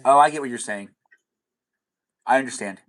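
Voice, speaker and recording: A man's voice: mid-range voice, normal speed, fairly bright tone. A man hosting a casual live stream, upbeat and playful as he directs the guests.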